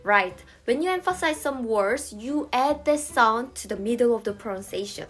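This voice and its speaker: A woman's voice: fairly high pitch, expressive, moderate pace, soft background music. A young Korean woman with a Korean accent, teaching a casual language lesson and playfully acting out short examples.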